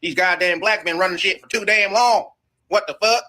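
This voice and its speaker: A man's voice: high-pitched, normal speed, bright, forceful tone. A man voicing a drunk, belligerent, bigoted country man in a mocking sketch.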